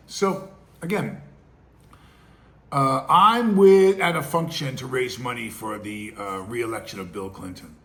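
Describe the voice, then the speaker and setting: A man's voice: mid-range voice, a little slow, a bit bright. A middle-aged man, hosting his own show with casual, rambling commentary full of restarts and acted-out quotes. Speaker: podcast host.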